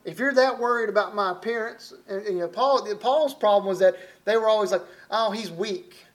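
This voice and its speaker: A man's voice: high voice, a little fast. A middle-aged man from Alabama with a Southern accent, preaching a sermon in a folksy, conversational way with frequent restarts. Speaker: visiting preacher.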